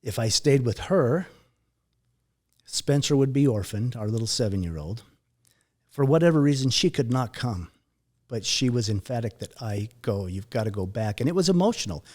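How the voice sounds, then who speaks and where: A middle-aged man recounting a near-death experience in an interview, halting and repeating words, his voice sinking low and quiet at the hardest moments. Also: expressive. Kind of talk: emotional personal storytelling.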